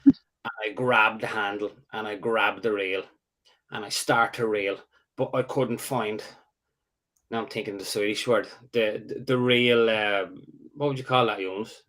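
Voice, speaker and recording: Rambling man telling a fishing story. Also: lowish voice. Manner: rambling, halting, animated when excited. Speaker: angler host. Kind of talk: casual storytelling chat.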